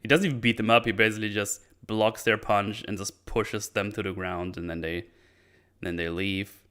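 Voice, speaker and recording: A film reviewer casually recaps a martial arts film, rambling, swearing freely and putting on quick character voices. His voice is fairly low and a bit bright, with clean tone and fairly even intonation.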